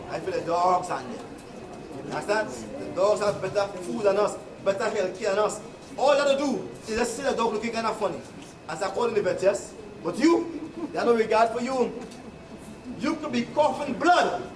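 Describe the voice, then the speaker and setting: A man with a Trinidadian accent giving a rousing, preacherly address to workers, with mocking asides. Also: extremely high pitch. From Trinidad and Tobago. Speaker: union leader addressing workers. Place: indoor workplace gathering. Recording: echoey room, far from the mic, noisy crowd.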